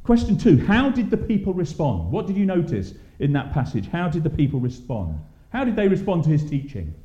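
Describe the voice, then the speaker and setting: Lively man leading church Bible study. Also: on the high side, a little fast. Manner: asks the group questions, many fillers. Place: church hall. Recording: echoey, muffled church hall.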